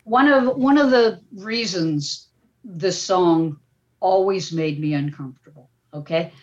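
An older woman, a media professor, talking as a podcast guest in an animated, emphatic way that often ends points with a quick "okay?". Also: on the low side. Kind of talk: casual podcast talk. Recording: dull, muffled audio.

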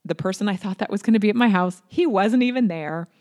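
A woman candidly telling a personal story, with restarts and lively acted-out quotes. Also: mid-range voice, quick pace.

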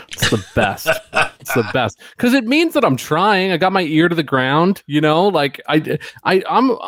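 A man's voice: on the high side, very animated, normal speed, a bit bright, dry recording. A man in his thirties co-hosting a podcast, joking about himself in a playful, laid-back way. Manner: playful, self-mocking, laughs easily. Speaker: podcast co-host. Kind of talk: casual chat.

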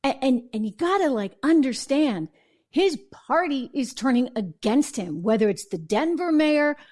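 A woman's voice: high voice, sing-song, unhurried, darkish tone. Emphatic woman hosting a political show. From New England. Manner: emphatic, conversational, asks viewers "right?" and "okay?". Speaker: political talk show host. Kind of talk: opinion monologue.

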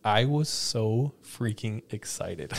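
A man hosting a casual podcast, telling a long story in an animated way, laughing often and acting out the lines of the people in it. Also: fairly low pitch, slow pace, vocal fry.

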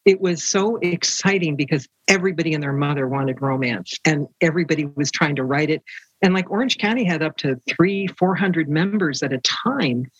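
Older woman, romance author, animated storyteller, husky, dry dull recording. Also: deep voice, moderate pace, no room sound. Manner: animated, acts out quoted voices. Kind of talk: storytelling interview.

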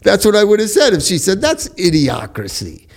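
A man hosting a casual podcast chat, telling stories in an animated way and laughing often. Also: high-pitched, fairly quick. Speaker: podcast host.

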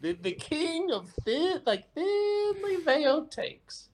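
Man, lively swooping voice, laughing, stammering, podcast guest. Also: very high-pitched, slow pace, a little hiss or hum. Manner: animated, laughing, stammering restarts. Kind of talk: casual sports chat.

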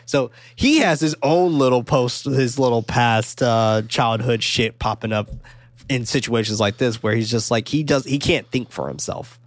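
A man co-hosting a casual film discussion, talking excitedly, swearing often and acting out lines from the movie. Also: medium pitch, moderate pace, no echo. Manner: animated, swears a lot, acts out quotes. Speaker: podcast co-host.

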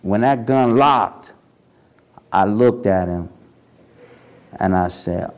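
A man's voice: lowish voice, takes it slowly. A man recounting a past confrontation in first-person storytelling, acting out voices as he goes. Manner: animated, acts out voices in his story. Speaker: interviewee recounting his past.

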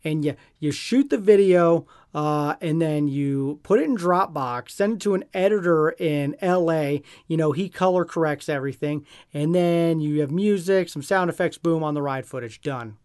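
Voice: medium pitch, normal speed, few pauses, a little mellow, clear, resonant tone. A podcast co-host in casual chat, teasing and upbeat, reading through a list.

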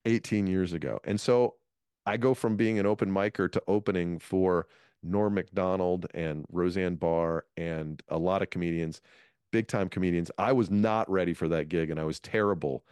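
Deep-voiced man telling career stories. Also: normal speed, clear, resonant tone, dry recording, studio quality. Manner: animated storyteller, restarts phrases. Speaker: guest, comedian. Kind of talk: storytelling interview talk.

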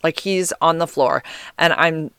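Woman podcast host, chatty and animated, smooth clear tone, recorded dry on a close mic. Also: low-pitched, unhurried, no echo. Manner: chatty, heavy use of "like" fillers. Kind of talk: casual storytelling monologue.

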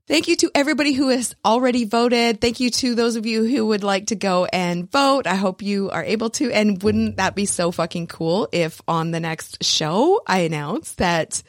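A woman hosting her own podcast in a casual, animated solo chat, laughing often and swearing freely. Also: mid-range voice, normal speed, no room sound, studio quality. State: recovering from recent illness. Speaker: podcast host.

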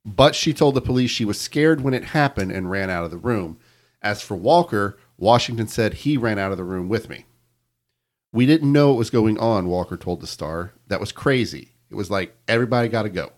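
A man hosting a podcast, reading a news account aloud to his co-hosts in a measured storytelling way. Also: on the low side, lively intonation. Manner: measured storytelling with quoted reports. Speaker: podcast host telling the story.

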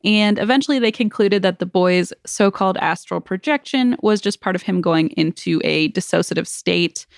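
A woman's voice: mid-range voice, moderate pace, vocal fry, few pauses, no echo, clean studio sound. A woman co-hosting a podcast, walking through research in a chatty, joking way. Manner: explains research in a chatty, joking way, laughs often. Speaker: podcast co-host. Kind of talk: casual chat.

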